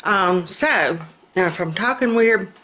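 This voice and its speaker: A woman's voice: mid-range voice, animated, slow, sharp tone. A middle-aged woman with a Southern US accent, chatting casually to her vlog camera in her kitchen. Her speech is slightly slurred from denture adhesive, and she is folksy and laughs often. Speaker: vlogger. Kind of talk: casual chat.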